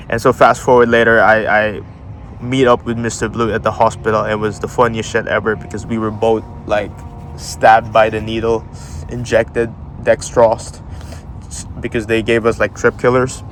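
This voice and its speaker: A man's voice: on the low side, little pitch movement, moderate pace, fairly bright tone, slight background noise. A young man casually telling a story, swearing a lot and using slang, laughing as he goes. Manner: profane, slangy, laughs often while telling.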